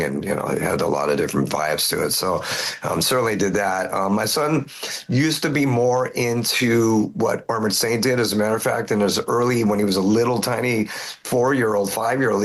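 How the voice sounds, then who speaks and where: A middle-aged man, a rock singer being interviewed, talking casually with lots of fillers and restarts. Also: on the low side. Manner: rambling, many fillers and restarts. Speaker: metal band singer, guest.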